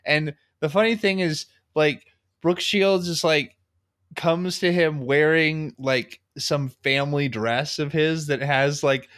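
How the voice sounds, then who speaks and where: A man's voice: on the high side, fairly even intonation, takes it slowly, a bit bright, dry recording, clean studio sound. A man co-hosting a casual podcast chat, recapping a movie's plot with lots of "like" and frequent laughter. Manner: laughs often, fillers of like. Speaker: podcast co-host.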